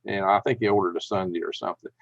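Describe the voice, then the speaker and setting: A man's voice: low voice, fairly even intonation, rapid-fire, gravelly, dry recording, dull audio. A man hosting a live stream, telling rambling anecdotes and reading chat with chuckles. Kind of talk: casual storytelling and reading chat.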